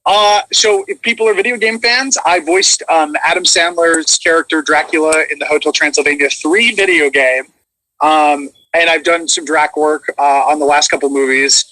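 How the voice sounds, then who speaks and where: A man who is a voice actor, chatting casually and coaching vocal warm-ups with animated demonstrations. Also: fairly high pitch, normal speed, no room sound, rough recording.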